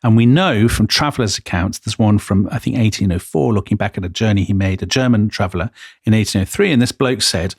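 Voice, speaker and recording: A man's voice: lowish voice, brisk, dry recording, clean studio sound. An Englishman co-hosting a history podcast, telling stories with enthusiasm and lots of asides. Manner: storytelling, enthusiastic, full of asides. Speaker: podcast co-host. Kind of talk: casual history podcast chat.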